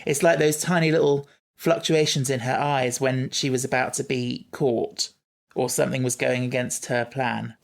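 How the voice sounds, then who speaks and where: Reviewing a TV show on a podcast, this co-host talks in a relaxed, reflective way, full of fillers and false starts. He has a gravelly, medium-pitched voice, delivered flatly at moderate speed.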